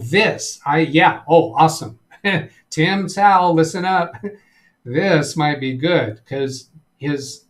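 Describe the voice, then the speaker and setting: A slightly higher-voiced man hosts a live tech-support stream. He talks the viewer through his screen in a loose, chatty way and reads out chat transcripts with dry sarcasm. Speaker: tech support channel host.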